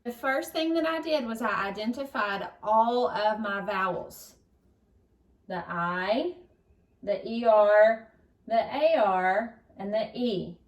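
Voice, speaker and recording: A woman with a medium-pitched voice teaches a recorded phonics lesson to young children, speaking slowly and stretching out her syllables. She sounds upbeat and encouraging. The mic is distant and the room echoes.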